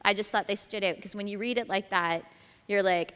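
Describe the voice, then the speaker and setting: A woman's voice: mid-range voice, fairly even intonation, a little fast, a bit bright, clean tone, long reverb tail. A woman leading a group Bible study, explaining each step and reading scripture aloud. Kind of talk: teaching a group study session.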